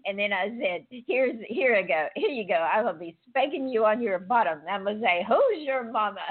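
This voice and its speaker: A woman hosting a casual chat, telling lively stories and acting out dialogue with laughter. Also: on the high side, normal speed. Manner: animated storyteller, acts out dialogue with laughter. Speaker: host. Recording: tinny phone line.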